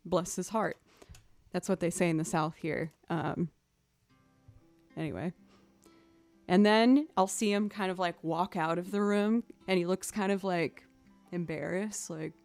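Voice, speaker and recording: A woman's voice: fairly low pitch, measured pace, long pauses, a little mellow, no echo, faint music behind. A young woman musician chatting casually on a livestream, rambling through stories and thanking viewers as she goes. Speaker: musician streamer.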